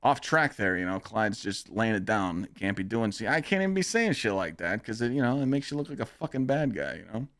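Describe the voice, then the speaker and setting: A man's voice: on the low side, sing-song, brisk, few pauses, a bit bright, no echo. Man, young, casual podcast host, profane and cocky, dry close sound. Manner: blunt, profane and boastful, rambling pep talk. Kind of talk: casual livestream podcast chat. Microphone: streaming microphone.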